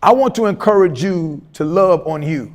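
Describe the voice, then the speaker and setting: A middle-aged man giving a motivational, humorous speech to teachers, animated and telling stories with acted-out voices. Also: high voice, normal speed. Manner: animated storyteller, humorous asides, acts out quoted voices. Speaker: keynote speaker at educators' institute day.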